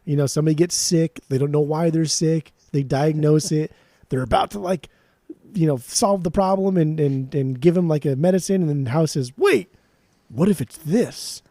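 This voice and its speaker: A man's voice: fairly high pitch, steady tone, moderate pace, warm tone, no echo, studio quality. A man co-hosting a podcast, talking bluntly and jokily in casual chat, with plenty of swearing. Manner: blunt, profane, jokey. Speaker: podcast co-host.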